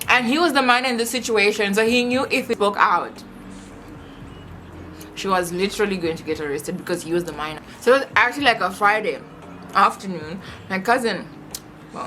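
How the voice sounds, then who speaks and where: A young woman telling a personal story in a chatty, animated vlog style, full of rhetorical questions. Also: lowish voice, a little hiss or hum. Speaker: vlogger. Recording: music playing under voice.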